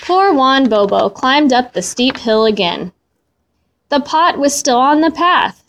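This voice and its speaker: A woman reading a children's storybook aloud in a slow, expressive way. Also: high voice, slight background noise.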